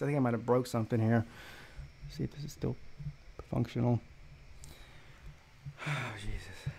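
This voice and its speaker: Male sports-stream host, brash and mocking, slightly higher voice, loose profane storytelling. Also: a little mellow. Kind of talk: casual live-stream storytelling.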